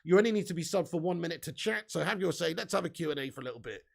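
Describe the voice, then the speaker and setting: Gravelly young man hosting a fan stream. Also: a little high, expressive, racing. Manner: chatty, reads out viewer comments. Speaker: fan channel host. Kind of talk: live-stream news chat.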